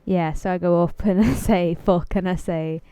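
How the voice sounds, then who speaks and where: A woman's voice: on the low side, steady tone, moderate pace, warm tone, smooth, no room sound. Female player, Yorkshire accent, self-deprecating and giggly, clean resonant tone. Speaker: co-host playing the game. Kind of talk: casual gaming commentary.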